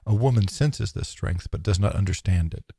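Gravelly low-voiced male narrator, solemn. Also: mellow, no echo, clean studio sound. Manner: measured, solemn declamation. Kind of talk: audiobook reading of philosophy.

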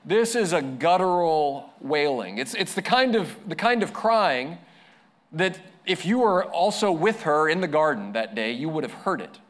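A man preaching a sermon as a pastor, earnest, slowing down and dropping softer to stress his points. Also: a little high, expressive.

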